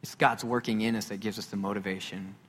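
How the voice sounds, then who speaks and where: A man's voice: fairly low pitch, quick pace. Conversational male pastor in a reverberant hall. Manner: conversational, animated, joking asides. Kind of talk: sermon.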